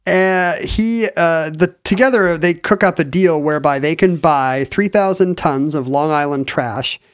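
A man's voice: a little high, unhurried, smooth, dry recording, studio quality. A man co-hosting a podcast, explaining a story in a chatty, wry way with frequent restarts. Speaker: podcast co-host. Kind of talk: casual chat, explaining a story.

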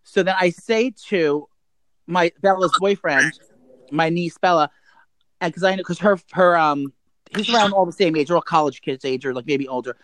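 A man's voice: a little high, normal speed, a bit bright. A man telling a gossipy personal story in a casual, rambling way, full of restarts.

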